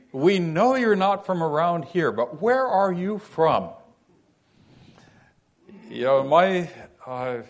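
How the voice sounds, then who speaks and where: A man, raised in California, teaching a Bible passage in an unhurried, folksy sermon full of "you know" asides. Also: on the high side. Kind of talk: conversational sermon.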